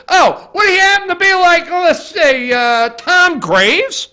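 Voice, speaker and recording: A man hosting a political opinion show from an office, talking to the camera in a fired-up, profane rant and often shouting. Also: very high-pitched, animated, takes it slowly, hardly any pauses. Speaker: host. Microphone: facing camera.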